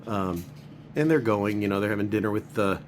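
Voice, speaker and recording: A man's voice: on the low side, fairly quick, noisy background. A man giving a casual, rambling spoken review of a comic book, padding his talk with filler words.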